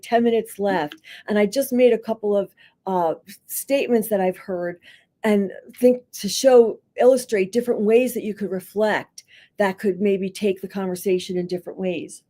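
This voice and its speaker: Middle-aged woman, school psychologist, warm mellow tone, lively storytelling, acts out quotes. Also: medium pitch. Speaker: school psychologist and podcast guest. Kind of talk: conversational explanation with anecdotes.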